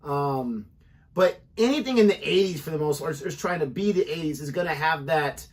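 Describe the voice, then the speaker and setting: Guy w a slightly high voice, eager, explains stuff, casual reaction chat. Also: animated, brisk. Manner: eager and explanatory, offering suggestions. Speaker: reaction video co-host.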